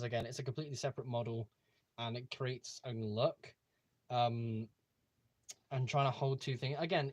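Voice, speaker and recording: A man's voice: mid-range voice, no room sound. A young man hosting a casual livestream from a room at home, talking eagerly and rambling with many fillers and restarts. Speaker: livestream host. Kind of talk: casual live-stream chat.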